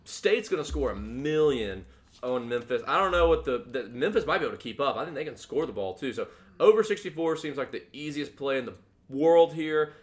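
A man's voice: mid-range voice, lively intonation, brisk. A man co-hosting a podcast, giving confident, blunt betting picks in casual sports chat. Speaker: podcast co-host.

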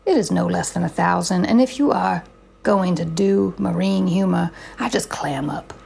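A woman hosting a comedy show, trading deadpan banter and puns. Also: on the low side, moderate pace, creaky, slightly rough. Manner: deadpan, punning.

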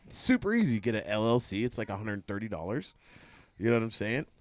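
A young adult man telling profane stories in casual chat, laughing often and talking in an animated way. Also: lowish voice, fast talker, dry recording.

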